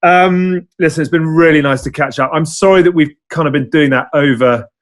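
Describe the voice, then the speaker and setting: Fast-talking male podcast host. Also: a little high. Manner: brisk, polished wrap-up with light teasing. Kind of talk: podcast sign-off.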